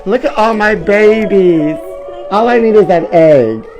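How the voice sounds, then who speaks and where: A man's voice: high-pitched, measured pace, music in the background, pitched above the performer's own voice. A man voicing a doting, self-adoring mother who coos and drawls in a sing-song way. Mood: cooing.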